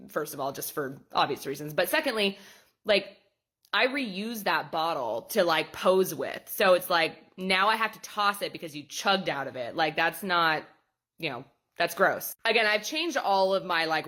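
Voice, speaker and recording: Young photographer lady ranting a client story, swears a lot, lowish voice. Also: brisk. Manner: blunt and sweary, animated retelling. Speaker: boudoir photographer and studio owner. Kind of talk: storytime vlog.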